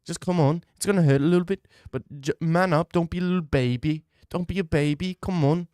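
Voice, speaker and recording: A man's voice: a little high, a little fast, darkish tone, smooth, dry recording, studio quality, voice pushed up, natural voice. A man voicing a pushy male booth hawker who coaxes and wheedles someone into coming in. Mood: coaxing. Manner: wheedling, coaxing, teasing.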